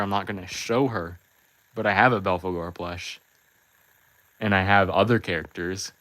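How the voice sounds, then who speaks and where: A man's voice: fairly low pitch, a bit bright. A man hosting a livestream, chatting casually and rambling through viewer questions. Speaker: livestream host. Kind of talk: casual chat answering viewers.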